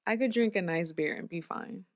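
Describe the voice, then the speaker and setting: A woman co-hosting a casual chat, calm and encouraging as she gives advice. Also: fairly low pitch, moderate pace. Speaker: podcast co-host.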